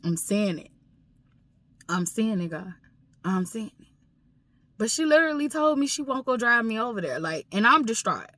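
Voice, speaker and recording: A woman's voice: a little high, sing-song, moderate pace, long pauses, a bit bright, no echo. A woman vlogging a personal story with raw emotion, swearing often and repeating herself for emphasis. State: emotional, grieving.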